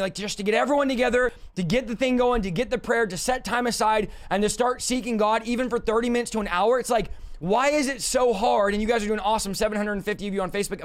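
High-voiced hoarse male preacher. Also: fast, few pauses. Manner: fervent, repetitive preaching cadence. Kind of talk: live-streamed sermon. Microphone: streaming setup reading live chat.

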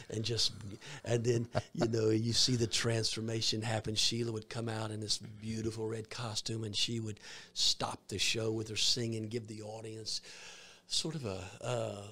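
A Southern US man with a low-pitched voice, a minister recounting his stage ministry for an interviewer. He rambles, circling back and restarting phrases as he goes. His tone stays conversational and easy. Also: monotone, moderate pace, sharp tone. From Georgia, US. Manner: rambling, with many fillers and restarts. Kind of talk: storytelling in an interview.

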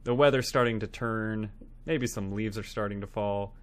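A man's voice: fairly low pitch, fairly even intonation, moderate pace. A man co-hosting a movie podcast, easygoing and enthusiastic in casual chat. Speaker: podcast co-host.

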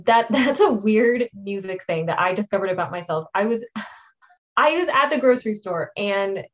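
A woman's voice: medium pitch, moderate pace, lo-fi sound. Young woman podcast cohost, bouncy voice that swings all over, giggles thru stories. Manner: animated storyteller, giggly. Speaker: podcast co-host. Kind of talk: casual chat.

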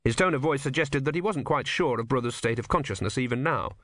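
A man narrating an audiobook with expressive storytelling. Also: mid-range voice, fast, few pauses, no room sound, studio quality. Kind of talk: scripted narration.

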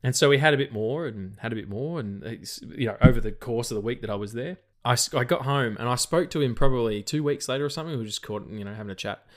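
A man's voice: mid-range voice, quick pace, hardly any pauses. Rambling man, sweary. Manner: rambling, swears freely, stutters and restarts. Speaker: podcast co-host. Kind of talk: casual film podcast chat.

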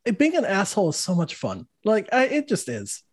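A man's voice: high voice, wildly swooping pitch, fairly quick. A man in his thirties hosting a podcast, chatting casually in an easygoing, playful way. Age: 30s. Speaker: podcast host. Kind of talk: casual chat.

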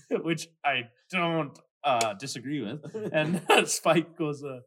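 A man's voice: fairly high pitch, slow pace, a bit bright, a little hiss or hum. A man co-hosting a casual podcast, swearing and laughing through a rambling story. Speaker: podcast co-host.

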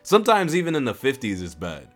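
A young man vlogging in a rambling, lively way, his voice leaping high and dropping low. He stands back from the mic in a room. Soft music plays underneath. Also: fast. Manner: animated, rambling, lots of restarts. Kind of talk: casual chat to camera. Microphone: stands away from the mic.

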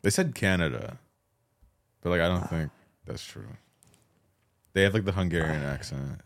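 A man co-hosting a podcast in casual chat, hedging and halting, filling his talk with "like". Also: low-pitched, creaky, a little hiss or hum. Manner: hedging, halting, heavy use of "like". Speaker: podcast co-host.

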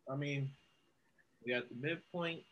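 A man co-hosting a casual sports talk show who speaks in a soft, offhand way. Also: medium pitch, unhurried, dull audio, a little hiss or hum. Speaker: co-host.

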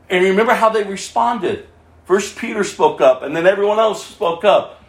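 A male pastor with a high voice gives an animated, impassioned sermon at a moderate pace. He alternates between forceful, loud statements and soft, hushed asides, with a roomy echo around him.

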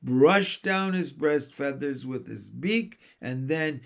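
Slow, gentle male storybook reader. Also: mid-range voice, lively intonation, vocal fry. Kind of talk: storybook narration.

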